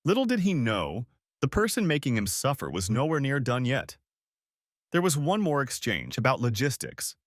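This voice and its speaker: A man narrating a first-person revenge story in a measured, wry storytelling manner, recorded close to the mic. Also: mid-range voice, very animated, dry recording.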